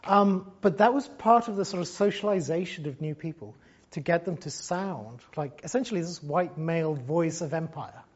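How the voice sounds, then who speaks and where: A man's voice: fairly high pitch, normal speed, husky, muffled recording. A man in his fifties from Gibraltar giving a reflective, conversational university lecture. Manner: conversational and reflective, thinks aloud. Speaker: lecturer, former broadcast journalist.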